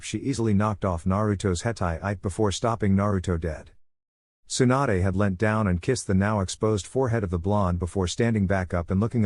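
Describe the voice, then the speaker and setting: A man narrating a fan-fiction story in a steady, even reading voice. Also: lowish voice, no echo.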